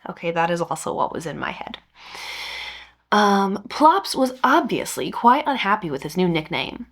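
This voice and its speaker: Brief: woman, podcast host, expressive story reading with dry humor. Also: on the low side, normal speed. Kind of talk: reading a revenge story aloud.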